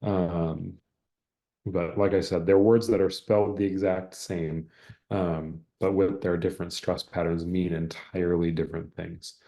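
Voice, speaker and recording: Low, mellow-voiced man teaching online. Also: level tone, a little slow. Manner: hesitant, many fillers and word searches. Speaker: exam prep instructor. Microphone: video call.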